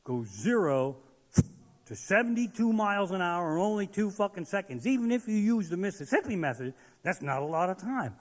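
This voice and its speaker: A man doing a profane stand-up comedy set on stage, ranting and shouting his punchlines. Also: high-pitched, very animated, moderate pace. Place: live comedy stage in a large hall. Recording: live venue with long hall reverb.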